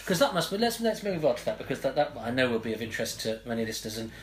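A man's voice: mid-range voice, very animated, rapid-fire, soft background music. A man hosting an interview podcast, asking long, enthusiastic and rambling questions. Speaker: podcast host. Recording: roomy echo.

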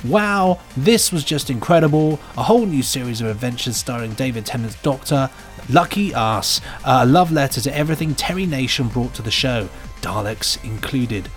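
A man co-hosts a relaxed podcast, reading reviews and trading dry, teasing jokes. His voice has a middle pitch. Faint music runs behind him. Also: normal speed. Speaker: podcast co-host. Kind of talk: casual chat reading out reviews.

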